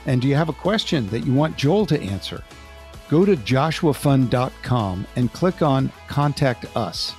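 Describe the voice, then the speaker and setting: A man's voice: medium pitch, expressive, normal speed, a little mellow, faint music behind. A man as podcast host, reading a friendly scripted outro that invites listeners to get in touch.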